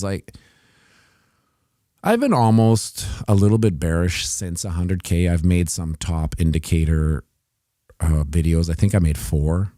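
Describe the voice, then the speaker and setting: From his home setup with TVs, a crypto livestream host rambles, jokes and keeps restarting as he comments on the market. His voice is low and warm, recorded at studio quality with no room sound.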